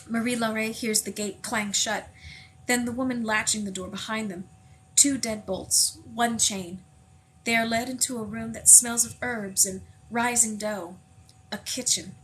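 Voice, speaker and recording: A woman reading a novel aloud in a measured, unhurried way, slowing on vivid passages. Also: a little high, fairly bright tone, slight background noise, rough recording. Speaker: audiobook reader.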